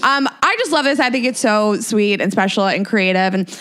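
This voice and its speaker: A woman's voice: mid-range voice, lively intonation, brisk, fairly bright tone. A woman with a slight lisp, co-hosting a podcast in casual, gushing, self-deprecating chat. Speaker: podcast co-host.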